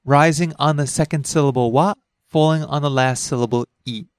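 A man's voice: a little fast, no room sound, clean studio sound. Chatty man hosting a language lesson. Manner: chatty, laughs easily, explains pitch accent. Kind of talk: casual lesson podcast.

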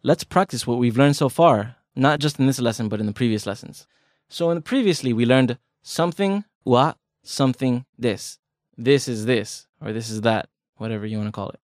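A man's voice: mid-range voice, moderate pace, darkish tone, dry recording, clean studio sound. Chatty man co-hosting a language lesson. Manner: chatty, joking, explains with examples. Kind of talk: casual podcast lesson.

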